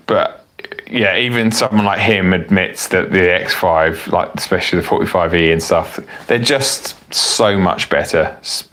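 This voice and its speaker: Casting note: low-voiced man hosting a live car Q&A, loose and chatty, a bit tipsy. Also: fairly bright tone. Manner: rambling, self-correcting, chatty with frequent fillers. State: tipsy from wine. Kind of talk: casual live-stream chat reading viewer comments.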